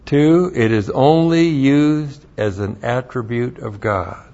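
A man's voice: medium pitch, takes it slowly, dark tone, muffled recording. A man teaching a sermon, studying Hebrew words, who repeats key phrases and spells out letters with emphasis. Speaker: Bible teacher.

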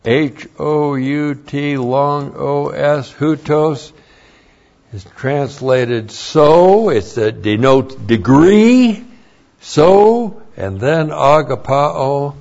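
A man's voice: mid-range voice, expressive, very slow, gravelly, a little mellow. A man teaching an expository sermon, carefully explaining Greek grammar and spelling out words letter by letter. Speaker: pastor. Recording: dull lo-fi sermon recording.

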